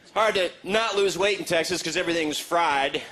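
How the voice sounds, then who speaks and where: A male stand-up comedian telling deadpan quips to a live audience. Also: on the high side. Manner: deadpan quips, quick jokes. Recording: live show with audience laughter.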